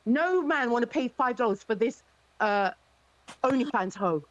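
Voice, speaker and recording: A woman's voice: a little high, lively intonation, moderate pace, dull audio. A woman taunting and mocking someone over and over in a heated insult exchange on a live stream.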